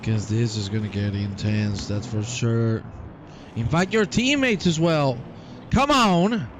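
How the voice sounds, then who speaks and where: A man giving live sim racing commentary, teasing and cheering the drivers on in an excited, hyped way. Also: mid-range voice, slow pace, a little hiss or hum.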